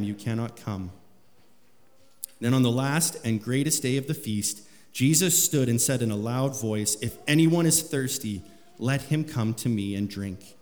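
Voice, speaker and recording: A man preaching a sermon, reading scripture aloud with rising emphasis. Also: a little mellow. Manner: rises in pitch and volume when reading scripture aloud. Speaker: pastor. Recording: long hall reverb.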